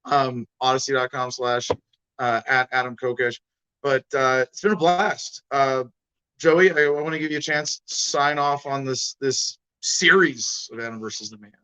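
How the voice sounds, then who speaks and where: A man's voice: mid-range voice, fairly even intonation, moderate pace, pushed and bright, clean tone. A man hosting a podcast in loose, blunt casual chat, rambling and swearing freely. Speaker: podcast host.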